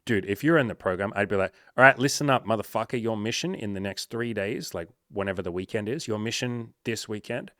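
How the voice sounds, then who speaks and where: A man in his thirties giving blunt dating advice to a viewer, swearing freely and breaking into loud hyped-up bursts. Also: lowish voice, a little fast, hardly any pauses, no echo. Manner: swears often, loud bursts of hype, calls listener bro. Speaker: dating coach. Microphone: home microphone. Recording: dry close mic, some noise.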